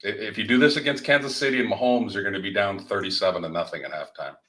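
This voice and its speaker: A middle-aged or older man co-hosting a sports live stream, giving animated, excitable analysis that gets louder when he makes a point. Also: on the low side, fast. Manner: excitable, voice jumps up when emphatic. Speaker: sports show co-host.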